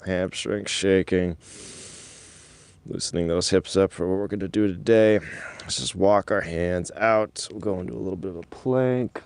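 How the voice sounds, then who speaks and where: Deep-voiced man coaching an exercise class. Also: clean tone, dry recording. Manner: coaching cues between moves, apologetic about the mic. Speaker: movement instructor. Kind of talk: live-streamed exercise class. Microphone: clip-on mic worn while exercising.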